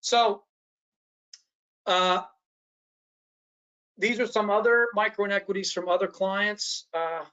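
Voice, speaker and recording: A man's voice: high voice, fairly even intonation, takes it slowly, long pauses, sharp tone, smooth, dull audio. A man presenting a training workshop in a lecture style. He talks animatedly, often restarts his sentences and acts out the voices of the people he quotes.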